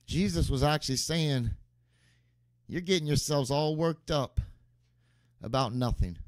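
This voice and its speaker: A man's voice: fairly high pitch, a little slow, no echo. A man preaching a sermon as pastor, emphatic and repeating key phrases for stress.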